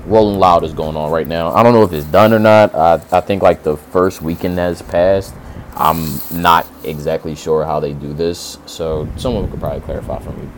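Low-voiced man ranting, profane and incredulous. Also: slight background noise. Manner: profane, incredulous, rambling with many fillers. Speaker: commentary vlogger. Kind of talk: casual ranting commentary. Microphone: desk mic near a fan.

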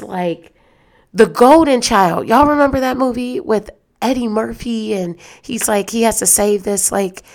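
A woman hosts her own podcast in a loose, conversational rant full of restarts. Her mid-pitched voice carries a steady gravelly fry. She sounds exasperated and keeps calling on her audience to weigh in. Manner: animated and exasperated, talks straight to listeners. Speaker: podcast host.

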